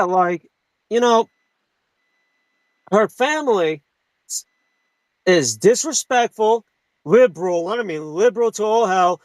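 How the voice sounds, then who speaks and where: A man's voice: high-pitched, dry recording, rough recording. A man hosting a live talk radio show, delivering a heated, profane monologue full of restarts and asides.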